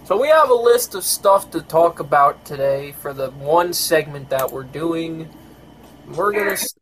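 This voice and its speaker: A man's voice: on the high side, expressive, measured pace, a crowd in the background, poor audio. Grumbling, tired man hosting a podcast. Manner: grumbling, swears often. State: tired, yawning. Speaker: podcast host. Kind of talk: casual chat.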